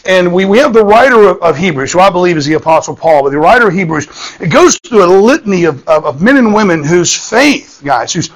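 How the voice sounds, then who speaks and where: A man's voice: high voice, expressive, brisk, poor audio. A man, preaching a sermon in a folksy storytelling manner, often repeating words and checking in with "okay?". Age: 50s.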